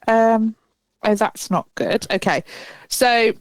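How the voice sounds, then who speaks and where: A woman co-hosting a podcast in casual chat, animated and swearing freely. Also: on the high side, takes it slowly, no room sound. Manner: chatty, animated, swears freely and laughs often. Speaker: podcast co-host.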